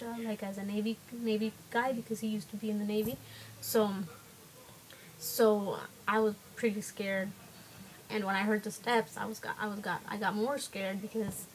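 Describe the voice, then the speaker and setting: A woman's voice: medium pitch, slight background noise, rough recording. A young woman telling a personal story to camera, hesitant, with many fillers and restarts. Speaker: vlogger.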